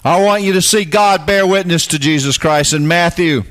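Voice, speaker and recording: Male preacher, high-pitched, folksy and emphatic, Bible teaching. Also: moderate pace. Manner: folksy, emphatic, swings from low asides to loud bursts.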